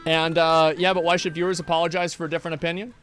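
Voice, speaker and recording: A man's voice: a little high, level tone, fast, fairly bright tone, faint music behind. A man streaming live, chatting casually and reading chat messages in a sarcastic, profane, rambling way.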